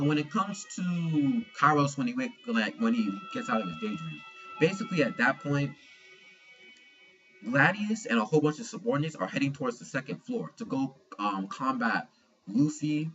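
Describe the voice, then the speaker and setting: A man's voice: medium pitch, expressive, normal speed, fairly bright tone, muffled recording, soft background music. A young man giving a casual manga chapter review, slangy and profane, retelling scenes with animation.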